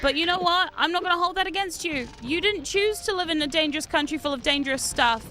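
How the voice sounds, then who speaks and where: A young New Zealand woman streams a game as a VTuber, chatting casually and swearing freely. She talks fast in a very high, sharp voice, with faint music in the background.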